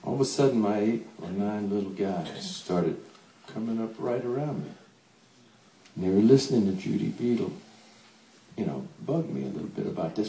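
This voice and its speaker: An older man, a songwriter, telling a comic story on stage in a folksy, animated way, playing out the people he quotes, to a laughing audience. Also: fairly low pitch, echoey room, recorded from a distance, low-quality recording.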